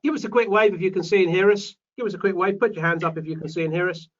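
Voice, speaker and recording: Rapid-fire but with fairly even intonation, a high-voiced British man hosts a live online property webinar, chatting and reading out viewer names. The recording has a distant, dull mic quality.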